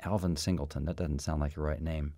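A male interviewer with an extremely low, deep voice asks careful questions, hesitating and hunting for names as he goes. The sound is dry and close, with no room echo. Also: fairly even intonation, a little fast, mellow. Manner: thoughtful, searching for words with many fillers. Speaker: radio interviewer. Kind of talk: casual interview.

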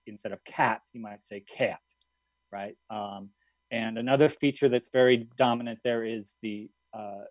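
A man's voice: medium pitch, a little mellow, dry recording. Thoughtful man explaining in a dry studio. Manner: thoughtful, many fillers and restarts. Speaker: linguist guest. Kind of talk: radio interview, explaining.

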